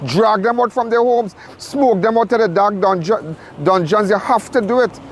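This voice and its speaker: A man's voice: high voice, normal speed, slight background noise. A man hosting a crime show, giving urgent, repetitive live commentary from a crime scene.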